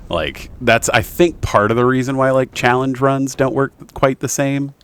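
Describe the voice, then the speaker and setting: A man's voice: medium pitch, steady tone, normal speed, a bit bright, smooth. A young man streaming a video game, rambling casually with lots of fillers and self-corrections. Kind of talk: casual gameplay commentary.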